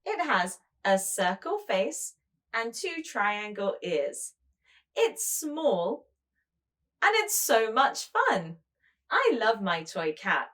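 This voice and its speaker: A woman preschool teacher leading a show-and-tell lesson, speaking slowly and in a sing-song way to small children. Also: a little high, fairly bright tone.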